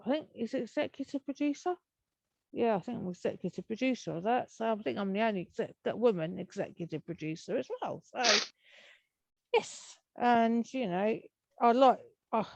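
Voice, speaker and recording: A woman's voice: mid-range voice, darkish tone, no echo. A woman with an English accent, chatting as an interview guest in a rambling, cheerful way and laughing often. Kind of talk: casual interview chat.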